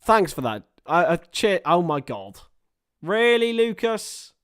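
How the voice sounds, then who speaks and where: A young man hosting a live football watchalong, excitable and joking, swearing, reading out viewer chat, a little tired after hours on stream. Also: a little high, unhurried. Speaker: livestream host commentating a football match. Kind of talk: casual live watchalong commentary.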